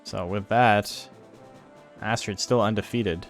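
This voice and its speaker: A man's voice: lowish voice, steady tone, slow pace, faint music behind. A man hosting a game tournament stream, talking casually in a rambling, crude way with lots of fillers. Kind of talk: casual livestream commentary.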